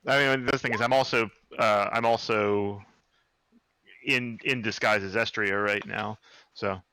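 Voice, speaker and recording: Terse low-voiced bright player. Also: male voice, steady tone, unhurried, smooth, no echo. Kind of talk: tabletop game chat.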